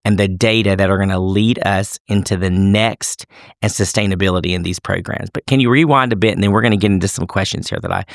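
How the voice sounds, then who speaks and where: A man's voice: sits low, fairly even intonation, fast, vocal fry, no echo. A man hosts an interview podcast. He speaks emphatically, circling back to stress a point for his listeners. The sound is close and dry. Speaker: podcast host.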